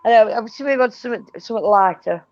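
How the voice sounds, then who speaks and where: A man's voice: high-pitched, very fast, lo-fi sound. An English man co-hosting a casual livestream chat, easygoing and a bit hesitant. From England. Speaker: co-host.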